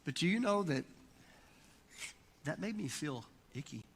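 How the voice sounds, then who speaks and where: Middle-aged pastor preaching, bright ringing voice, lots of hall echo, gets loud and punchy. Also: male voice, fairly high pitch, expressive, unhurried, slightly rough. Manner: emphatic, builds to loud preaching peaks. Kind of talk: sermon with storytelling. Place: church sanctuary. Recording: long church hall reverb.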